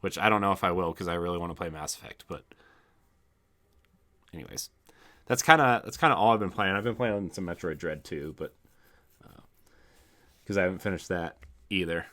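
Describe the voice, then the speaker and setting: Man, lowish register with a bright edge, co-hosting a casual gaming podcast and gushing excitedly. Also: brisk, pauses often. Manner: enthusiastic, filler-heavy rambling. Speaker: podcast co-host. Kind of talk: casual chat.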